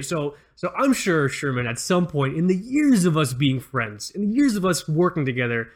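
A man telling a workplace story on a podcast, his voice climbing and swooping as he acts out each person. He laughs often and keeps it loose and casual, in a fairly high register. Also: a bit bright. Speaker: podcast host.

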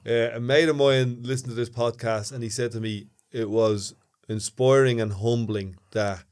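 A man with an Irish accent trades jokes and gentle teasing on a casual podcast. He laughs often and keeps the talk light as a co-host. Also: mid-range voice, steady tone, normal speed. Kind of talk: casual banter.

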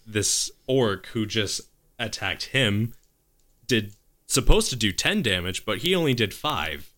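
A man's voice: on the low side, animated, takes it slowly, bright, forceful tone. A man narrating as game master of a tabletop game, improvising the action and stopping to correct himself.

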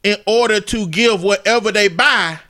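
High, bright-voiced joking man. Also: normal speed. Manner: joking, profane, laughing storyteller. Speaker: podcast co-host. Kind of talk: casual comedic chat.

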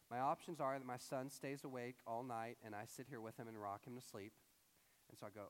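A man in his thirties telling a personal story in a sermon, acting out his own lines with lively storytelling. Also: mid-range voice, quick pace. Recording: long hall reverb.

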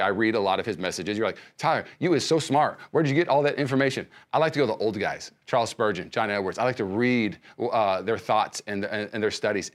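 A male pastor giving a sermon, speaking conversationally with many restarts and swinging between loud emphasis and soft hushed lines. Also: fairly low pitch. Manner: frequent fillers and restarts, conversational preaching.

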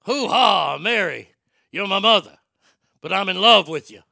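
A brash gangster Jesus bellows slow, swaggering lines, as a man puts him on. The voice is gravelly and pushed high and bright. It sounds close and dry. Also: lively intonation, no echo, exaggerated voice. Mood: bellowing. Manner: shouting, boisterous, drawn out.

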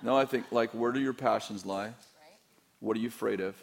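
A middle-aged pastor speaks candidly in a Q&A to a church audience, his low, creaky voice moving fairly quickly. He rambles and teases, often restarting his sentences.

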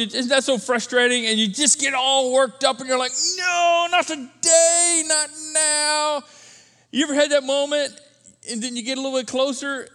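Lively male pastor, bright high voice, casual storytelling delivery, long reverb of a church auditorium. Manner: conversational and animated, swings from loud to hushed. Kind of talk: sermon.

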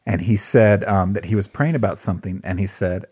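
A man with a low, husky voice co-hosting a casual podcast. He tells personal stories in an earnest, reflective way, pausing to think between phrases. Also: a little mellow. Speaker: podcast co-host. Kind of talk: casual chat, personal storytelling.

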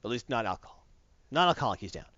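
A man casually recapping a story in an animated, rambling way, correcting himself as he goes. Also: medium pitch, rapid-fire, no room sound, muffled recording.

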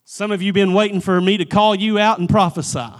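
High-voiced preaching man, loud then hushed. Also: steady tone, brisk. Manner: emphatic preaching, swings from loud pleading to hushed near-whisper; repeats words at starts of phrases. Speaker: pastor. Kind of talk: sermon.

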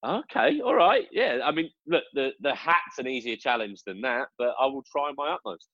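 A British man co-hosting a podcast, chatting casually in an animated, rambling and self-mocking way. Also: medium pitch, moderate pace, dry recording. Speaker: podcast co-host. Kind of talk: casual chat. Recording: dull lo-fi sound.

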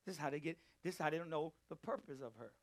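A man teaching a Bible study, preaching emphatically and calling out to his listeners, swinging between loud and hushed delivery. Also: a little high, animated, very fast. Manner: emphatic, calls out to the group. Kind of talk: preaching to a live group.

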